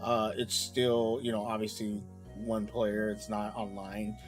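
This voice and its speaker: A man in his thirties, host of a casual chat show, talking loosely and getting loud and worked up when he rants. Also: fairly low pitch, measured pace, faint music behind. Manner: animated, gets loud and excited when ranting. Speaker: podcast host.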